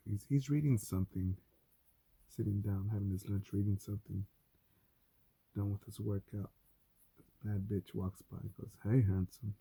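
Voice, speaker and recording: A man telling stories in a casual, rambling monologue, cursing often and getting animated. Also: lowish voice, moderate pace, gravelly, long pauses, husky. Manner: profane, animated storytelling. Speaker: vlogger.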